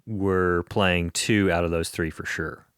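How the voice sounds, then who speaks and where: A man's voice: deep voice, fairly even intonation, measured pace, a bit bright, clean tone, no room sound, clean studio sound. A man hosting a podcast, chatting casually with his guest like a longtime fan. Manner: fan-like, recalling concerts. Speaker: podcast host. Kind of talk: casual interview chat.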